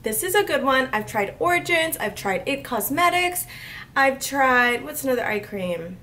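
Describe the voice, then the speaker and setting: A woman's voice: high voice, sing-song, moderate pace, sharp tone, recorded from a distance. A woman in her twenties gushing and squealing with delight as she unboxes a beauty haul, speaking a little off-mic. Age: 20s. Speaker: beauty vlogger.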